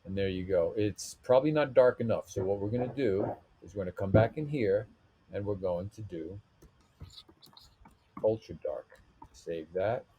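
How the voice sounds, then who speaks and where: A man with a deep, slightly husky voice talks through a web design tutorial as he works on screen. He thinks aloud, pausing and restarting as he clicks through menus and settings. His tone stays dark and mellow throughout. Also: lo-fi sound. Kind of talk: screen-recorded software tutorial.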